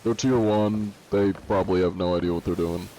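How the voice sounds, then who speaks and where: A man streams a pirate game live, reading viewer comments aloud and answering them in a joking, laid-back way as casual gaming chat. His low voice is mellow and steady, at a moderate pace, over a little hiss or hum.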